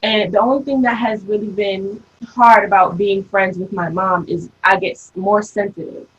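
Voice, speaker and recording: A woman in her early twenties, a daughter, telling stories in a casual panel chat with an animated, laughing manner. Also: medium pitch, normal speed, husky, highs cut off. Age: early 20s. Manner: animated storytelling, laughs often.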